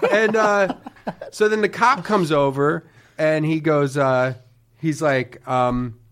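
A man telling a comic story on a podcast, his voice sitting a little high for a man. He swears freely. He mimics the other people in his story and breaks into mock yelling. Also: slow pace. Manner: profane, acts out people in quotes, loud bursts of mock yelling.

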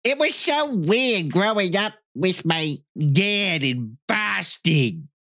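A man putting on a whiny celebrity voice, grumbling flatly about his life. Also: high-pitched, slow, no echo, studio quality, heavily acted.

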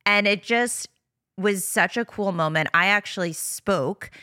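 A woman's voice: medium pitch, unhurried, pushed and bright, no room sound, clean studio sound. A woman hosting a podcast in casual chat, talking in a chatty, rambling way and laughing often. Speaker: podcast host.

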